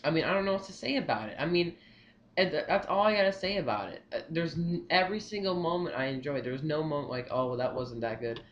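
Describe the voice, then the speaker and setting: A man's voice: on the high side, quick pace. Rambling young man with lo-fi sound. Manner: rambling, repeats "I mean", excitable. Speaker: vlogger. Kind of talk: casual opinion vlog.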